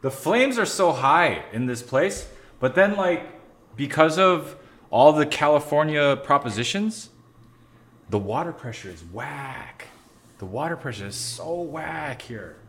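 Young male podcast host, profane and animated, casual kitchen chat, roomy sound. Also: fairly high pitch, a little slow. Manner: profane, ranting, animated complaints. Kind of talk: casual chat while cooking. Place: home kitchen.

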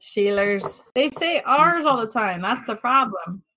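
A woman's voice: a little high, big pitch swings, a little slow, sharp tone. Brash, profane young woman podcaster. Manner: profane, brash, laughing often. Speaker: podcast co-host. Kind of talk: casual chat.

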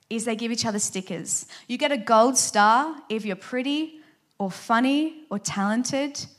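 A woman giving a devotional talk, earnest and gentle, who tells a children's story and ends in prayer. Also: medium pitch.

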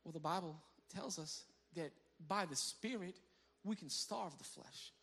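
Animated bright-voiced male pastor. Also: high voice, measured pace, vocal fry, husky. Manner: animated storyteller who breaks into laughter; repeats words as he restarts phrases. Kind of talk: conversational sermon.

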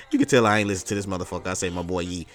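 Man, late thirties, slightly low voice, rambling, profane, laid-back slang, solo podcast. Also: big pitch swings, rapid-fire, faint music behind. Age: 30s. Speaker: podcast host. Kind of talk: casual solo podcast talk.

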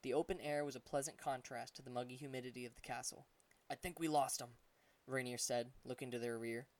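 A man reading an adventure audiobook, telling the story at a steady pace and voicing the characters. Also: mid-range voice, quick pace, distant mic. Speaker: audiobook narrator.

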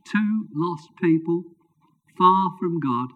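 A man's voice: high-pitched, animated, slow pace. A man preaching a sermon and telling a story, with informal, self-deprecating asides. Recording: dull lo-fi recording.

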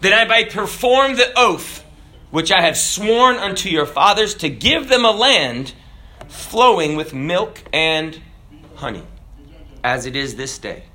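A male preacher with a bright, ringing voice delivers a sermon. He moves from telling a joke like a storyteller to reading scripture aloud. Many of his lines sink into a low, quiet finish. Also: big pitch swings, takes it slowly. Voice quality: dramatic drops in pitch and volume at line ends.

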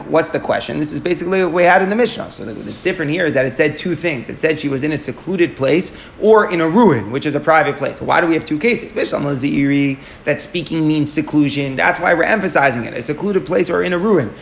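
A man teaches a Talmud lesson step by step, asking and answering his own questions and mixing in Aramaic and Hebrew terms. His voice is fairly high and creaky, with slight background noise.

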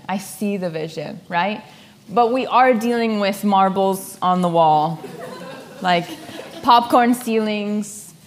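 A young woman telling a personal story in a lively, laughing way, acting out the voices of the people she quotes. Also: mid-range voice. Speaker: speaker sharing a personal story. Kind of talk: storytelling talk.

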